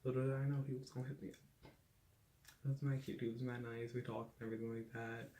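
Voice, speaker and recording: A man's voice: mid-range voice, completely flat delivery, fast talker, dark tone, slight background noise. A young man telling a personal story in a casual, rambling way, full of "like" fillers and cursing. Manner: rambling, heavy on "like" fillers, candid and profane. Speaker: vlogger.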